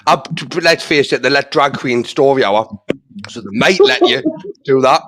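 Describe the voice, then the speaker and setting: A man's voice: mid-range voice, normal speed, fairly bright tone. A man with an English accent, a panelist joking crudely in casual chat over a remote call. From England. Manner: jokey, crude banter.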